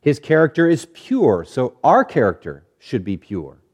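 A man preaching a sermon, measured and deliberate, stretching key words and letting phrases fall quiet at the end. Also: wildly swooping pitch. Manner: drops low and quiet at phrase ends. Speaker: pastor.

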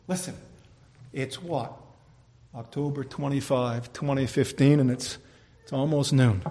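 A man's voice: medium pitch, steady tone, unhurried, pauses often. Impassioned preaching man. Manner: storytelling with loud impassioned exclamations. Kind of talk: sermon.

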